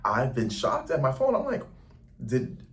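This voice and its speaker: A man's voice: mid-range voice, huge pitch swings, a little slow, recorded from a distance, a little hiss or hum. A young man from the United States talking casually to camera in a rambling, slangy travel vlog. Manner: chatty, rambling, slangy, lots of "like". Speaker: travel vlogger. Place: indoors in a Paris lodging.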